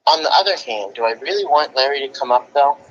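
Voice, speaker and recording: A man's voice: medium pitch, lively intonation, fast, a bit bright, muffled recording. A man hosting a casual livestream chat over a video call, laid-back and wry. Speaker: livestream host.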